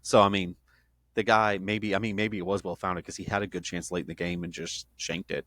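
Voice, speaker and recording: A man's voice: sits low, little pitch movement, brisk, a bit bright, dry recording. A man co-hosting a podcast, chatting casually about sports in a rambling, joking way with restarts. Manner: rambling, self-interrupting, joking. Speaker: podcast co-host.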